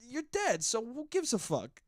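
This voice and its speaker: A man's voice: extremely high pitch, unhurried, no echo. A man in his twenties hosting his own podcast alone, ranting in a casual, profane, rambling way. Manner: animated, profane, rambling rant. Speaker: podcast host. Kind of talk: casual solo podcast monologue.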